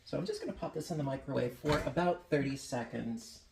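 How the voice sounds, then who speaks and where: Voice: mid-range voice, expressive, brisk, vocal fry, noisy background. A home baker chatting casually in a kitchen while demonstrating a recipe, playful and full of jokey asides. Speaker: home baking vlogger.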